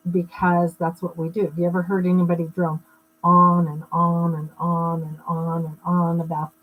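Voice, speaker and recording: A middle-aged woman at an average pitch, teaching in a live-streamed talk. She talks conversationally, slipping in personal stories and friendly asides to her viewers. Her tone stays plain and down to earth. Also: poor audio. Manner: greets viewers mid-talk. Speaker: spiritual wellness teacher.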